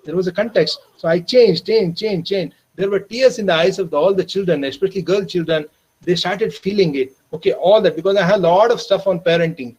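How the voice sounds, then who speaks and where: An Indian English man leads a teacher training, recounting a classroom story in an earnest, personal way. His voice sits fairly high and sounds a bit husky. He slows and quiets down when the story turns tender. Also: rough recording. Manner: earnest, addresses listeners as "my dear friends"; slows and softens for emotional moments. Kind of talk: storytelling lecture. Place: online training session.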